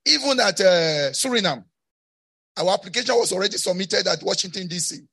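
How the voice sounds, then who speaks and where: West African pastor preaching with repetition. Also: male voice, sits high, lively intonation, fairly quick, creaky, breathy edge. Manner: call-and-response preaching, repeats phrases, rising to shouts. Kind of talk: sermon.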